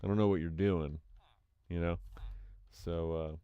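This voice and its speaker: A man's voice: deep voice, fairly even intonation, takes it slowly, narrow, tinny audio, noisy background. A young man streaming a let's-play, talking casually and rambling to a friend on a call. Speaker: gaming streamer. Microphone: desk microphone.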